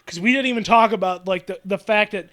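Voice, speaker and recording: A man's voice: high voice, quick pace, bright, forceful tone. A young man co-hosting a casual anime review chat, wry and teasing, with frequent swearing. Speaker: podcast co-host.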